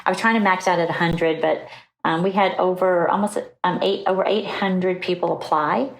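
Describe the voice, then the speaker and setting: A middle-aged woman guest on a podcast, telling her story in an animated, chatty way and acting out the voices of people she quotes. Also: fairly low pitch, normal speed, gravelly, rough recording. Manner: animated, acts out quoted voices, laughs easily. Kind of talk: storytelling in a conversational interview.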